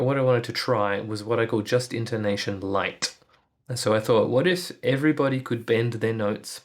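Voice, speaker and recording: A man calmly explaining musical tuning in a video lesson, thoughtful and musing, with frequent fillers. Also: on the low side. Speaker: music educator.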